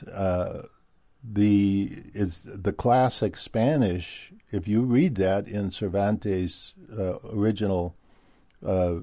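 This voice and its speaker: A man's voice: on the low side, warm tone, dry recording. A man from Minnesota with a Midwestern American accent, talking in a rambling casual monologue with many fillers and restarts.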